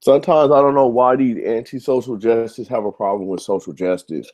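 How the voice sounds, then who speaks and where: Man, show host, angry rant, swears a lot, repeats himself, warm dark tone. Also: medium pitch, fairly even intonation, a little fast. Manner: heated, profane, repetitive. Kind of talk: ranting monologue to camera.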